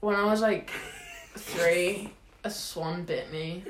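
A young woman chatting with friends on a podcast, dropping deadpan dark jokes and dry one-liners. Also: on the low side, slow pace. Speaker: podcast co-host. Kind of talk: casual chat among friends. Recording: echoey room with steady noise.

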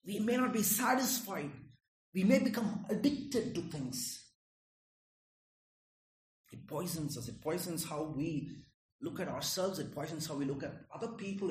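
A man preaching a sermon in a conversational way, often checking in with "Right?" and "Okay?". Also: sits high. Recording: echoey room.

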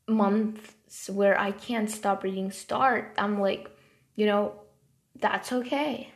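A woman vlogger talks to camera in a loose, rambling way, using "like" to fill every gap. Her mid-range voice has a gravelly, fry-heavy edge, and she goes from passionate to softer and quieter.

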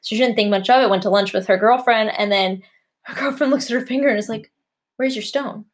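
A woman co-hosting a chatty podcast, delivering stories in a blunt, matter-of-fact way. Her voice is middle-pitched and her tone is dry. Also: fast talker. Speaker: podcast co-host. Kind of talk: casual chat.

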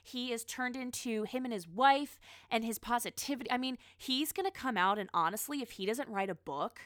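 A woman's voice: mid-range voice, fairly bright tone, no room sound, clean studio sound. A woman in casual chat, rambling about pop culture with frequent restarts and asides.

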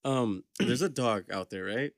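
A man's voice: medium pitch, a little slow, no room sound. A man co-hosting a casual podcast chat, slangy and laughing often, recorded close on a mic. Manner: slangy, laughing, says "fool" and "dude" a lot. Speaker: podcast co-host.

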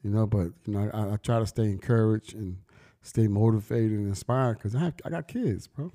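A man's voice: fairly low pitch, moderate pace, warm tone. A middle-aged man vlogging in casual, slangy street talk, telling stories emphatically and preaching to his listeners. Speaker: vlogger and brand owner.

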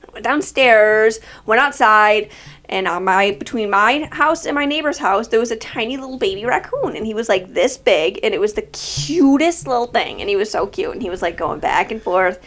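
A young woman co-hosting a casual podcast, telling stories in an animated, rambling way. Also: mid-range voice, moderate pace. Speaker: podcast co-host. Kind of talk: casual chat.

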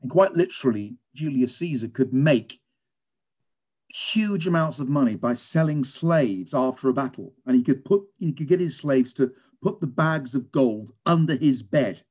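British guy, guest on a podcast, tells stories all animated and emphatic, mid pitch. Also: normal speed, husky. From England. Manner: animated storyteller, lively and emphatic. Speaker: guest, teacher and storyteller. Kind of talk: conversational interview storytelling.

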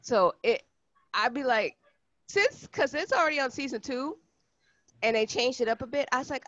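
A woman in her own casual podcast chat, blunt and quick to push back when she's teased. Her voice sits a little high. The recording is dry and dull, like a lo-fi home setup. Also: lively intonation, fairly bright tone, no echo. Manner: blunt, teasing, quick to protest. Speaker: podcast co-host.

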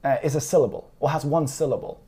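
Mellow, easygoing tutor; conversational, digressive, quick to laugh. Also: mid-range voice, steady tone. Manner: chatty, digressive, laughs easily. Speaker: language teacher. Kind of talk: casual spoken lesson.

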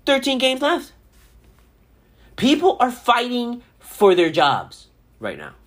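Here the Miami-area podcast host, a man in his thirties, talks in a very high-pitched voice at a slow pace. He rambles through casual sports chat and stories, swearing plenty and telling them with animated energy.

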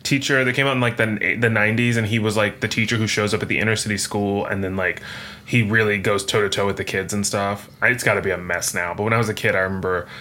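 A man co-hosting a relaxed movie chat, his voice bright and tense with a forward edge. He digs into cast trivia, often stopping to hesitate with "um" before pressing on. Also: on the low side, slight background noise. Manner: trivia-sharing, many "um" pauses. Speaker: podcast co-host. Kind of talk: casual movie-review chat.

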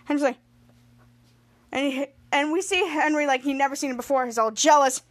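A woman's voice: high-pitched, a little fast. A woman podcast host recapping a TV episode in casual, rambling talk with many restarts.

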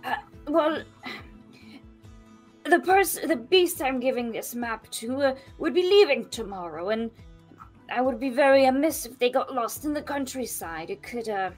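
Super polite fussy traveler played by a woman, stammers a lot, high voice, faint music behind. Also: animated, a little slow. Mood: earnest. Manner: stammering, old-fashioned courtesy.

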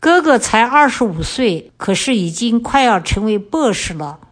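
A middle-aged woman, a guest on a language lesson, reading example sentences in a calm, measured way. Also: fairly high pitch. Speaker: guest, the host's mother.

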